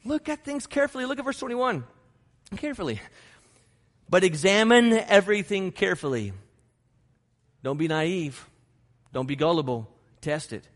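A man's voice: a little high, expressive, moderate pace. A man preaching a sermon to his congregation, emphatic and repeating his key phrases. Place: church sanctuary. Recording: long reverb of a large hall.

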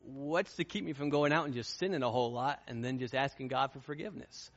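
A man's voice: medium pitch, brisk, in a large hall, muffled recording. A man preaching a sermon, storytelling and then pressing his points with fervent, rising intensity. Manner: impassioned, rising to fervent peaks.

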